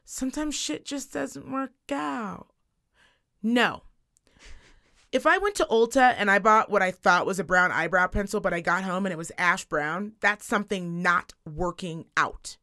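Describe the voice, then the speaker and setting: A woman in her thirties co-hosting a casual podcast, telling a story in an animated, profane rant. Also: lowish voice, moderate pace, few pauses. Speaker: podcast co-host. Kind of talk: casual chat.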